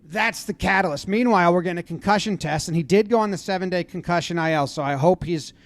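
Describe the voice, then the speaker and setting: A man giving casual play-by-play commentary on a baseball brawl clip, acting out what the players shout. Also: high-pitched, fast. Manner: animated, acts out players' lines in loud voices.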